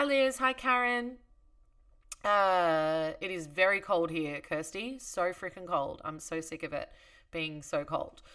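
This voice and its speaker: A woman's voice: fairly low pitch, pushed and bright, far from the mic. A woman hosting a livestream concert, chatting casually and greeting viewers by name as she reads their comments. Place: home studio.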